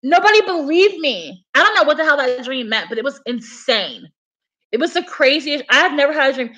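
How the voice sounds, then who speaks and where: A woman's voice: sits high, lively intonation, brisk, bright, forceful tone. A young woman chatting casually on a livestream, telling a story in a rambling way full of fillers. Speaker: livestream host.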